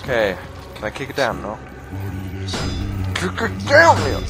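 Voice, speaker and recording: Excitable man yelling through a game. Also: mid-range voice, unhurried, music in the background. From United Kingdom. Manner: excitable, yelling at enemies, laughing. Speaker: let's play gamer. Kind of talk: casual game commentary.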